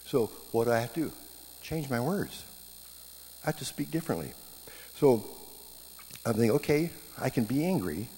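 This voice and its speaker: A middle-aged man preaching a sermon, telling stories in a lively way and jumping up in pitch when he acts out scenes. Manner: animated storytelling, voice jumping up in reenactments. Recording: hall reverb with faint background hum.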